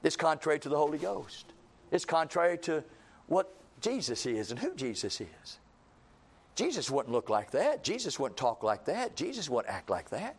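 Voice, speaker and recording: A man's voice: fairly high pitch, big pitch swings, moderate pace, breathy edge. A man preaching a sermon, folksy and repetitive, building to emphatic calls and acting out everyday scenes.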